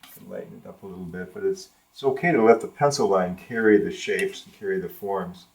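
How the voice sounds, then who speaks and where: An older man talks through a watercolor demonstration in a studio, musing aloud as he works. His voice sits low with a gravelly edge. He trails off mid-thought and picks the sentence up again. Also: brisk. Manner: thinking aloud while painting, trailing off and restarting. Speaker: art instructor. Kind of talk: live painting demonstration. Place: art studio with a live model.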